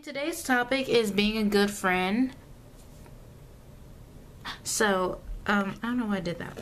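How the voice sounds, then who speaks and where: A woman's voice: medium pitch, slow, soft background music. A young woman filming herself at home for a casual vlog, rambling and correcting herself, with lots of fillers and asides. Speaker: vlogger. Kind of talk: casual self-filmed vlog talk. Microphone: camera mic, self-filmed.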